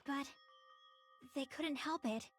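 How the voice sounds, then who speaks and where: A woman voicing a calm, soft-spoken young girl in a video game, speaking in a gentle, measured, hesitant way. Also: high-pitched, music in the background. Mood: pensive.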